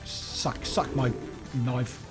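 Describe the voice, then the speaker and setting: A young British man streaming a game live, excitable and full of laughs, yelps and swearing. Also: mid-range voice, very slow, loud music behind the voice.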